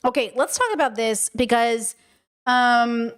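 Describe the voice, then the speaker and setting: A woman's voice: a little high, a little slow, smooth. A young woman hosting a casual livestream podcast, talking in an emphatic, chatty way with many fillers and restarts. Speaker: podcast host.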